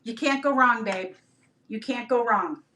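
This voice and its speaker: A woman's voice: fairly high pitch, a little slow, slight background noise. A middle-aged woman hosting a live-stream sale. She chats and rambles through stories and greets viewers by name. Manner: animated, rambling storyteller who talks to viewers by name. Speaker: live-stream reseller host. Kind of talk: chatty live-stream selling.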